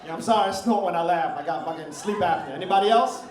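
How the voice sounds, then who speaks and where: A man's voice: high-pitched, fast talker, recorded from a distance, background noise. Brash man doing stand-up in a club. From Philippines heritage. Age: middle-aged. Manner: brash, crude, conversational crowd work. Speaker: stand-up comedian. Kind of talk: stand-up comedy set. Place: comedy club stage, live audience. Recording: roomy club sound, crowd laughter.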